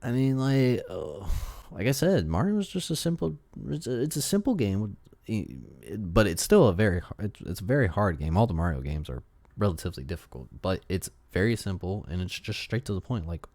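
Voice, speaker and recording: A man's voice: fairly low pitch, sing-song, a little fast, a little mellow, no room sound. A man giving casual reaction commentary, sarcastically arguing back at critics and rambling with restarts. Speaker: YouTube movie commentator.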